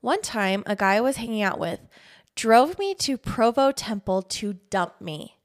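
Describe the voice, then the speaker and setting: A woman's voice: on the high side, very animated, a little slow. Woman, podcast co-host, congested, blunt, dramatic reactions. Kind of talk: casual chat.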